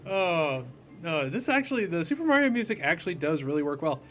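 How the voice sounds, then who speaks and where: A man with a slightly high voice talks through a game in a loose, goofy way, rambling and laughing at his own mistakes. He sounds like a let's-play host at a desk mic, with faint ambient noise behind him. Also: very animated, fairly quick, a bit bright. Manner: goofy, rambling, self-deprecating. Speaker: gaming video host. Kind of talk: casual let's-play commentary.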